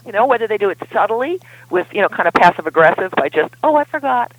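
A woman's voice: medium pitch, lively intonation, quick pace, no echo, phone-quality sound. A woman relationship expert speaking as a guest in a podcast interview, explaining in an emphatic way.

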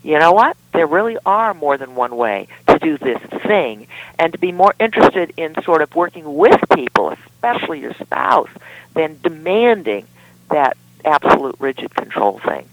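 A woman's voice: low-pitched, big pitch swings, normal speed, no room sound, highs cut off. A woman relationship expert speaking as a guest in a podcast interview, explaining in an emphatic way.

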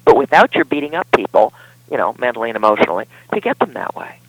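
A woman's voice: a bass voice, very animated, fast talker, no echo, highs cut off. A woman relationship expert speaking as a guest in a podcast interview, explaining in an emphatic way.

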